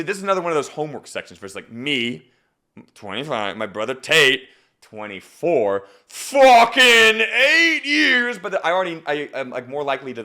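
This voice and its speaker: A man coaching a stand-up comedian on a live stream, swearing, repeating himself and acting out examples. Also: mid-range voice. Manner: animated, swears, repeats words, acts out examples.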